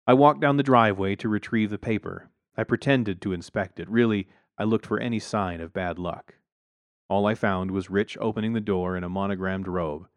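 A man's voice: lowish voice, no echo. A man narrating a first-person story in a dry, wry way on a close mic.

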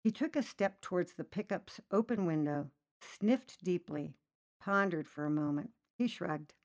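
A woman reading a short story aloud, narrating lively and voicing the characters' lines herself. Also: measured pace. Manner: lively, voices characters with raised pitch. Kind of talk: storybook narration with acted dialogue.

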